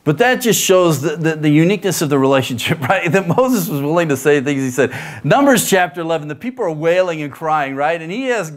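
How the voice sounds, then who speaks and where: A male pastor delivering a sermon in an animated, rhetorical way, often tossing in "right?" asides. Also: a little high, brisk, hardly any pauses.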